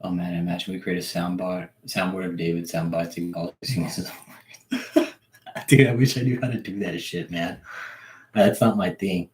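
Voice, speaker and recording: A man hosts a livestream, chatting loosely and swearing, often laughing to himself. His voice is deep, with fairly even intonation and a measured pace.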